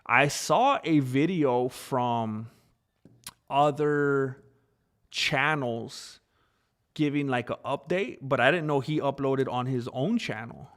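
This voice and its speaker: A man's voice: mid-range voice, slow, a bit bright. A man chatting casually on a live stream, rambling about fighting and snacks, laughing often and answering his chat.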